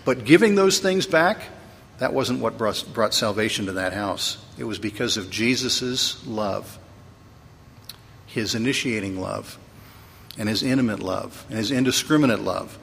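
A middle-aged male pastor delivers a sermon with a bright, cutting tone and a slightly husky edge. He keeps it conversational, slipping in humor before rising to emphatic points. His voice trails off into a long church reverb. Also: mid-range voice. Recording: long reverb of a large hall.

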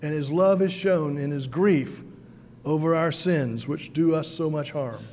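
A man's voice: fairly high pitch, measured pace, a little mellow, big-room sound, a little hiss or hum. A man from South Carolina, preaching a sermon in a folksy storytelling way with many fillers. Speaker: pastor.

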